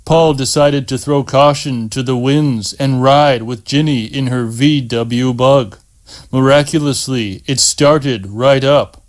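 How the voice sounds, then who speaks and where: A man narrating an audiobook in a slow, measured reading. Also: mid-range voice.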